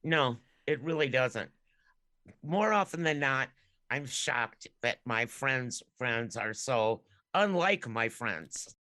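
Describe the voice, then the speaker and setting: A woman's voice: very deep voice, animated, slow pace, fairly bright tone, dry recording. A woman co-hosting a podcast in casual chat, easygoing and giggly, often trailing off mid-thought. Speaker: podcast co-host.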